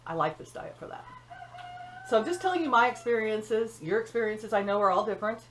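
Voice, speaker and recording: A woman's voice: on the high side, lively intonation, a little fast, a little hiss or hum, rough recording. An older woman hosting her own cooking channel, talking in a folksy, chatty way with joking asides, from her home kitchen. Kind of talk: casual chat.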